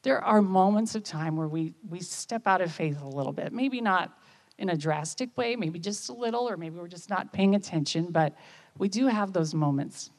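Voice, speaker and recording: A woman, giving a conversational sermon and often checking in with listeners with quick questions. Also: lowish voice, darkish tone. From United States. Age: 50s. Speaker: speaker at church.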